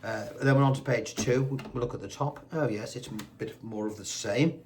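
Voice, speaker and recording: A man's voice: medium pitch, moderate pace, a little hiss or hum. A man teaching a guitar lesson, chatty and reassuring, counting beats aloud as he plays. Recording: guitar playing loudly behind the voice.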